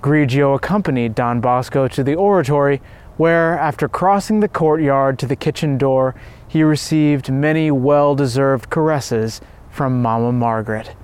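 A man giving measured, reverent scripted narration of a devotional story. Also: medium pitch, a little mellow, clean tone.

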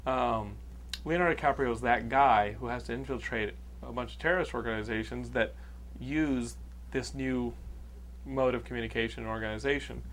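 A man's voice: mid-range voice, normal speed, slight background noise. Rambling, swearing man reviewing a movie. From Texas. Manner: rambling, animated, swears freely. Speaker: podcast host. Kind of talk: casual movie review chat.

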